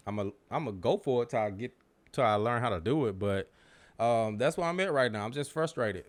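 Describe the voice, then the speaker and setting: A man's voice: lowish voice, clean tone. Male podcast host, easygoing and conversational, home-recorded solo talk. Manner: relaxed, conversational, Southern US slang. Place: home studio room. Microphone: studio microphone.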